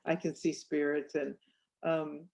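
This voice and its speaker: A woman author and clairvoyant telling stories in an interview, animated and acting out the voices in her anecdotes. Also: low voice, a little slow, creaky. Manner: animated, acts out voices in anecdotes, laughs often. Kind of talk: storytelling interview chat.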